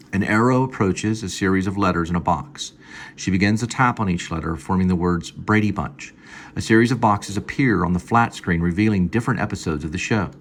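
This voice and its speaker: A man casually reading his own screenplay aloud at home, halting and stopping to fix lines. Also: low voice, a little hiss or hum. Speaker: screenplay reader. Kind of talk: casual screenplay read-through.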